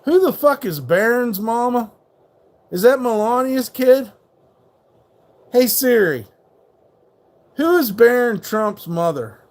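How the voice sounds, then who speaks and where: A man's voice: extremely high pitch, animated, slow pace, long pauses, darkish tone. A man hosting a live stream, ranting in a rambling, profane and mocking way while reacting to chat. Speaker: livestream host.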